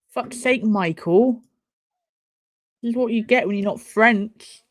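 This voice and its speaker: A woman's voice: on the high side, takes it slowly, long pauses. A young woman casually chatting and swearing while she watches an awards show live for her stream viewers. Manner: chatty, swears, laughs and banters at the screen. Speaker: streamer hosting a watch party.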